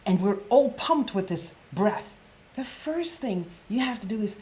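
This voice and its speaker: A woman presentation coach gives an energetic lecture at a storytelling workshop in an unhurried, mid-range voice, with a little hiss or hum in the audio. She repeats phrases and drops to an emphatic whisper to stress key points.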